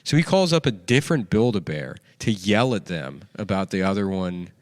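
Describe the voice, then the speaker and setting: A man's voice: deep voice, animated, normal speed, dry recording, clean studio sound. A man hosting a comedy talk show, telling rambling, profane stories and acting out what people said. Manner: rambling, profane, acts out quotes. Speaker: comedy podcast host. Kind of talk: casual banter, storytelling.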